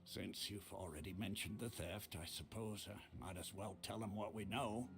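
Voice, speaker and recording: An actor voicing a composed male leader in a video game, calm and explanatory. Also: on the low side, moderate pace, creaky, music in the background. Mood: briefing.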